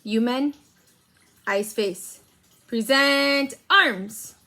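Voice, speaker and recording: A woman's voice: a little high, normal speed, sharp tone. A woman voicing a bold male leader giving clipped orders. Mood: commanding. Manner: commanding, clipped.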